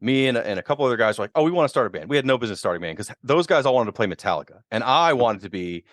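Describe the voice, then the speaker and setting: Speaking rapid-fire in a mid-range voice, a male guest musician spins animated stories on a laid-back podcast and performs the quotes himself. The recording is dry and studio quality.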